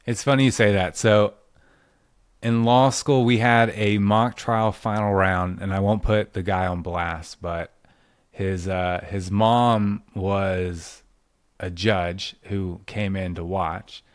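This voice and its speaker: A man's voice: deep voice, fairly even intonation, slow pace, no echo, studio quality. A man hosting a casual podcast, telling stories in a chatty way and laughing often. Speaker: podcast host.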